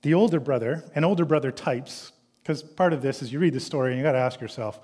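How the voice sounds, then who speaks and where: A man preaching a sermon as a pastor, earnest, reading scripture and building from hushed to animated. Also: a little high, brisk.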